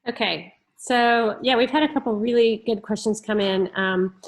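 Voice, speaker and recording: A woman moderating a parents' talk, reading audience questions in a measured, slightly halting way. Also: on the high side, rough recording.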